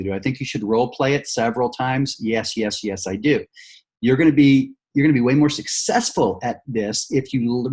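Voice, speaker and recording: Husky upbeat sales trainer, man. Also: mid-range voice, darkish tone. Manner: upbeat, coaching, many fillers and restarts. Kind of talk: sales training talk with demo pitch.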